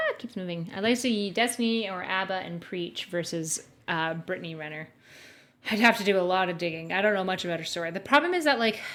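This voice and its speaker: Woman streamer, middle pitch, casual sarcastic reaction commentary, curses a lot. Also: fairly bright tone. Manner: sarcastic, swearing, mocking impressions. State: dry throat. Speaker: streamer reacting to a podcast clip.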